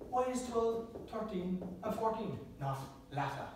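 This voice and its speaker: A man's voice: sits high, animated, measured pace, a little hiss or hum. Joking Irish man in echoey room. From Ireland. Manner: joking, self-deprecating, chuckles often. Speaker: club speaker. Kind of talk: prepared humorous speech. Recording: very echoey room, distant mic.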